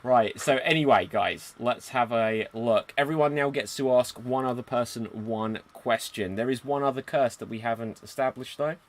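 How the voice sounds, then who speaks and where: A man's voice: medium pitch, normal speed, hardly any pauses, slight background noise. British man hosting a game. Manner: upbeat, theatrical announcing. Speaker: game master host. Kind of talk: hosting a live improv game.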